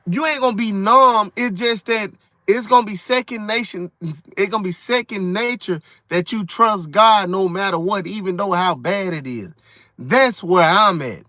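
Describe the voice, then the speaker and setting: A man's voice: high-pitched, pushed and bright, no echo. A man giving an emphatic, repetitive faith testimony in a casual vlog. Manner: preachy, emphatic, repeats himself. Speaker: vlogger sharing testimony.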